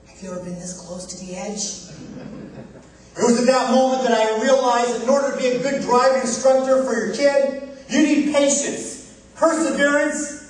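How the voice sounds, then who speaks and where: A man giving a humorous contest speech on stage, telling a comic story with timed pauses before the punchlines. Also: very high voice, slight background noise. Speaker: contest speaker. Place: large hall, live stage. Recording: echoey hall from far off.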